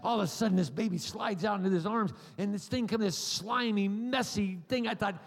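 A middle-aged American-born preacher giving a humorous, storytelling sermon, animated and rambling, acting out voices and cries. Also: male voice, sits high, fairly quick, creaky, few pauses. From United States. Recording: long hall reverb.

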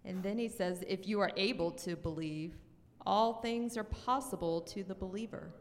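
A woman reading Bible verses aloud to a church group, slow and measured. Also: medium pitch. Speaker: scripture reader. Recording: distant mic in a reverberant hall.

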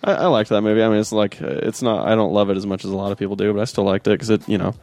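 A young man talks fast and a little low about films, eager and rambling, with plenty of "dude" and "you know". The sound is dry and close, with faint music underneath. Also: creaky, a little mellow, no echo. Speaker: podcast co-host. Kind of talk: casual chat.

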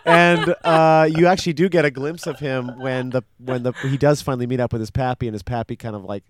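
A man co-hosting a podcast in casual chat, rambling and animated as he recaps a cartoon. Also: medium pitch, fast talker. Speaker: podcast co-host.

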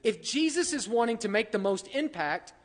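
A man's voice: high-pitched, big pitch swings, moderate pace, long reverb tail. A man preaching a sermon in a conversational way, often asking the congregation questions. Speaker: pastor.

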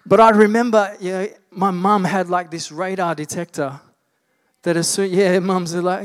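Joking, conversational pastor, fairly high voice. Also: male voice, fairly even intonation, moderate pace. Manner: humorous, conversational storytelling turning into fervent preaching. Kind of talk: sermon.

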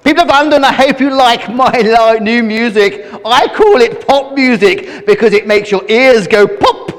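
A man's voice: extremely high pitch, normal speed, long reverb tail. A man voicing a boastful, taunting male villain with a huge nose in a storybook tale, delivered theatrically. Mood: gloating.

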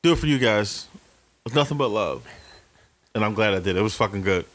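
Animated, profane man telling stories. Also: lowish voice, brisk. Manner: animated storyteller, swears freely, acts out dialogue. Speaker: podcast co-host. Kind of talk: casual profane chat.

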